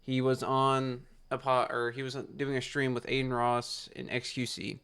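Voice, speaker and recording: A young man with a gravelly, creaky voice rants into his camera late at night. He rambles, gets worked up and swears freely, talking casually to his viewers. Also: medium pitch, flat delivery, moderate pace, fairly bright tone. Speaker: YouTuber.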